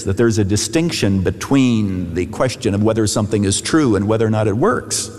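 A middle-aged man, a pastor, preaching a sermon with emphatic rises and falls in pitch. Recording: long hall reverb.

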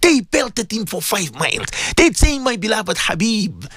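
Male radio preacher, high and animated, dry close studio sound, pleading and insistent. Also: unhurried, no room sound. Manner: impassioned, pleading, repetitive. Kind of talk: radio sermon.

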